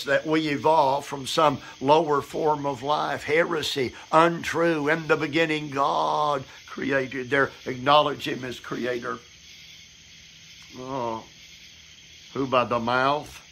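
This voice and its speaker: A man's voice: on the high side, creaky, bright, forceful tone, a little hiss or hum. A man preaching an evening devotional sermon from his front porch, emphatic and repetitive.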